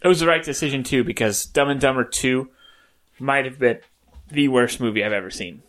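A man's voice: mid-range voice, brisk, a bit bright. A man co-hosting a casual podcast chat, joking, laughing often and slipping into impressions. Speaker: podcast co-host.

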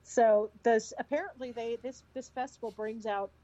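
A woman co-hosting a casual talk show, reading news reports in a relaxed way, with fillers. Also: fairly high pitch, moderate pace, lo-fi sound. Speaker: co-host.

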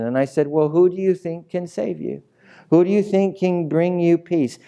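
A male pastor in middle age preaches with a mellow, relaxed tone. He tells his story in a lively way and acts out the people in it as he goes. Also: medium pitch, clean tone. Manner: animated storyteller acting out quoted voices. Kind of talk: sermon with storytelling.

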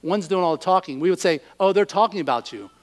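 A man preaching a sermon, animated and acting out the voices of the people he quotes. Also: high voice, fast.

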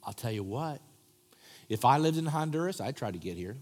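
A man delivers a sermon from a church platform, his mid-range voice conversational and direct. He lurches between punchy, raised asides and soft, hushed stretches of prayer. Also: medium pitch, lively intonation, fairly quick. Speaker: pastor. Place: church sanctuary.

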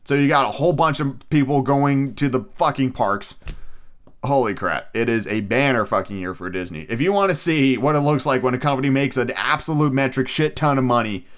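A man hosts a podcast alone, ranting casually and energetically with plenty of swearing and self-mocking asides. His voice is medium-pitched and brisk.

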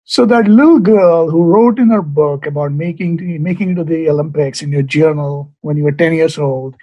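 A man's voice: a little high, fairly even intonation, normal speed, no echo, dull audio. A man hosting an interview podcast, talking loosely with many fillers and asking long questions. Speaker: podcast host. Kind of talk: casual interview.

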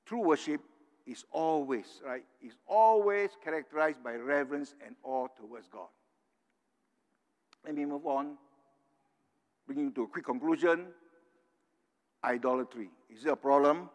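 Older man, fairly high voice, earnest preacher, long hall echo. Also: a little slow, long pauses. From Singapore. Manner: earnest, tags points with "right?". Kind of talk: sermon.

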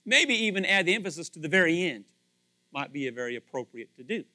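Animated, high-voiced male preacher. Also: quick pace. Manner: animated, rhetorical questions, acts out quoted voices. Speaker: pastor. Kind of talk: sermon.

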